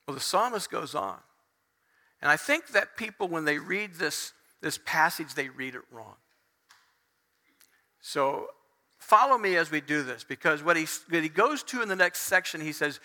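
Man, pastor, high voice, conversational sermon, echoing hall. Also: animated, moderate pace, sharp tone. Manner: conversational preaching, voicing the psalmist's complaints. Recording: reverberant hall.

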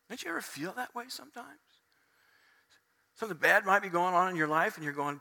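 Man, pastor, high voice, conversational sermon, echoing hall. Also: expressive, fairly quick, vocal fry, pauses often, bright, forceful tone. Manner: conversational preaching, voicing the psalmist's complaints. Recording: reverberant hall.

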